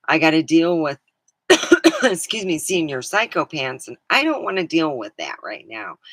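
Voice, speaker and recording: A woman's voice: low-pitched, fairly bright tone, slight background noise, low-quality recording. A woman livestreaming, chatting casually in a meandering way and swearing now and then. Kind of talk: casual rambling chat.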